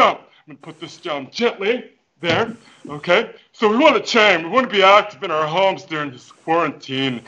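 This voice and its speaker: A man's voice: high voice, sharp tone, low-quality recording. A man playing a goofy, overconfident fitness coach who also preaches, with hammy, over-the-top motivational patter over a video call. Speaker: fitness guest. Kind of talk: comic character interview over video call. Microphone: headphones with mic.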